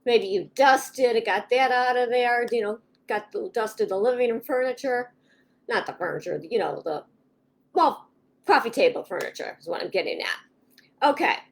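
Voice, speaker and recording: Recorded on a webcam or phone in a home office, a woman hosts a casual live stream about home organizing and talks straight to her viewers. Her voice is on the high side with lively intonation, vocal fry and a moderate pace. She's chatty and rambling, often restarting sentences and acting out everyday inner thoughts.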